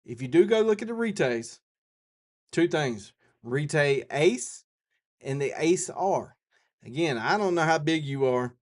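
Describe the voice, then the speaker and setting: A man with a Southern US accent, hosting a live stream and answering viewers' questions in a folksy, rambling way, thinking out loud as he goes. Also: a little high, lively intonation, unhurried. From South Carolina. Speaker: outdoors channel host.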